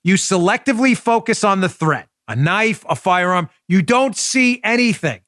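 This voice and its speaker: A man in his forties with a New York Queens accent hosts an opinionated talk show in a fairly high voice. He speaks emphatically and keeps putting rhetorical questions straight to his listeners. The recording is dry and close. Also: expressive, moderate pace, a bit bright, no room sound. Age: 40s.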